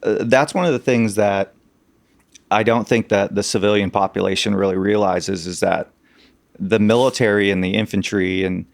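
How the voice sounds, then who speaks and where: A man's voice: fairly low pitch, steady tone, normal speed, creaky, dry recording. A man, a podcast guest, telling army stories in a casual, hesitant way with many fillers. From Arizona. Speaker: podcast guest, political consultant. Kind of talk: casual storytelling.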